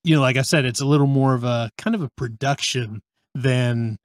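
A man's voice: mid-range voice, fairly quick, no room sound. A middle-aged man with a Texan accent, a radio host guesting on a podcast, chatting in a friendly, easygoing way. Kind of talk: casual chat.

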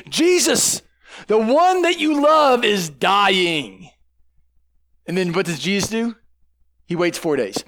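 A man delivering a sermon in a conversational way, often tagging his points with "right?" and restarting his sentences. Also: fairly high pitch. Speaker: pastor.

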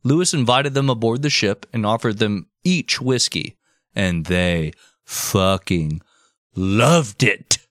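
A man's voice: lowish voice, lively intonation, slow, fairly bright tone, no room sound, studio quality. A man hosting a comedy podcast, narrating history and breaking into crude joking asides. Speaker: podcast host telling history. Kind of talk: comic history storytelling.

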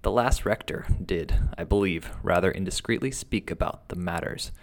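Man narrating a spooky tale, very low voice, gravelly texture, steady and dramatic. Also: normal speed. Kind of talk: storytelling reading of a ghost tale.

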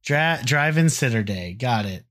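A man's voice: mid-range voice, animated, measured pace, a bit bright. A man co-hosting a casual podcast, reading song annotations aloud in a mocking, sarcastic way. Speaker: podcast co-host.

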